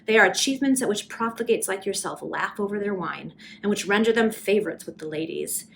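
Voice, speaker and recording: Bitter, vengeful young woman in a Victorian tale, read aloud by a woman, hoarse with rage and scathing in every word. She speaks with imperious scorn at a middling pitch, with faint hiss behind. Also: animated, brisk, low-quality recording. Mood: accusing rage. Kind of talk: amateur reading of a Victorian novel.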